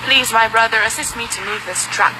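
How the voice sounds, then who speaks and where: A woman's voice: fairly high pitch, a little fast, background noise, lightly acted. A woman voicing a small hungry male mouse who politely pleads for help. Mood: pleading.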